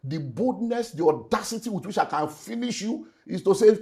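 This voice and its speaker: A middle-aged Nigerian man with a high voice, a pastor and relationship speaker, speaks at normal speed while giving an emotional personal testimony in an interview. He is animated throughout, uses Nigerian Pidgin, and shifts from loud moments to hushed ones.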